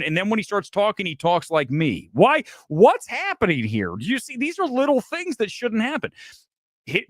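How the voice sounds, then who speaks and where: A man's voice: high-pitched, fairly bright tone, no room sound. A man hosting a live movie review show, delivering a brash, emphatic, self-assured monologue full of rhetorical asides.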